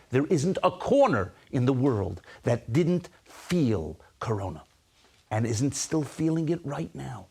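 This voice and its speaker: A man telling a dramatic story at a concert, swinging between hushed and emphatic. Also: mid-range voice, husky. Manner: animated, first-person narration of the tale.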